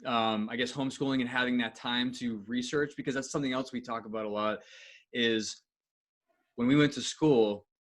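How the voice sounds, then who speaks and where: A man's voice: mid-range voice, fairly even intonation, normal speed. A man co-hosting a podcast, asking his questions in a friendly, rambling way and often restarting his sentences. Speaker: podcast co-host. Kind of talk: casual podcast interview.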